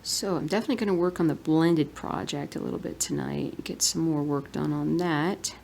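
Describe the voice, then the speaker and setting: A woman, chatting softly and rambling as she cross-stitches. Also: low voice, moderate pace, creaky, a little hiss or hum. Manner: soft-spoken, rambling, murmurs to herself while working. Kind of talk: relaxed stitch-along chat.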